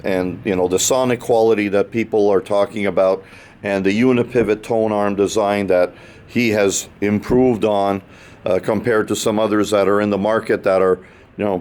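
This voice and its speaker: A man's voice: lowish voice, fairly even intonation, normal speed, darkish tone. Chatty man reporting from a trade show. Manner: rambling, lots of uh and restarts, chummy. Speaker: roving show reporter and interviewer. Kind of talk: casual on-the-floor interview chat. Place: audio trade show floor.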